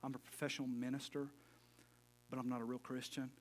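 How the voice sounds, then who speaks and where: A man's voice: medium pitch, level tone, a little fast. A middle-aged man preaching a casual sermon as pastor, folksy and full of joking asides.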